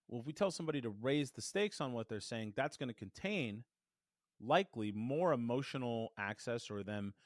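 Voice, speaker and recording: A man explains vocal resonance as a voice coach and demonstrates each idea with his own voice, moving it from head to chest. He has an everyday mid-pitched voice. He talks close to a good studio mic in a dead, dry room. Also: dry recording. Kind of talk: podcast lesson. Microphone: studio microphone.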